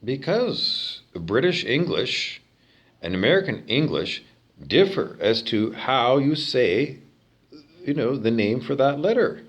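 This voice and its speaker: A man's voice: medium pitch, sing-song, slow pace, a bit bright. A Canadian man in his fifties with a Canadian accent, talking alone to camera in a rambling, opinionated monologue full of fillers. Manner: digressive, opinionated, with many fillers. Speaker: vlogger.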